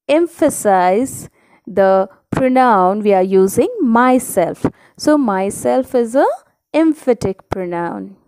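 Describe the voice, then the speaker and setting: A woman teaching grammar to children at a slow, careful pace, in a fairly high voice. She poses questions and answers them herself. She checks in often with "okay?". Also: a little mellow, clear, resonant tone, rough recording. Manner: slow, deliberate explaining, asks and answers her own questions; checks understanding with frequent "okay?".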